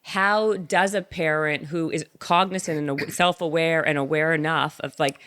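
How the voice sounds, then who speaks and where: A woman's voice: deep voice, steady tone, normal speed, fairly bright tone, clean tone. A woman hosting a podcast interview, asking her questions thoughtfully and rephrasing as she goes. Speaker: podcast host.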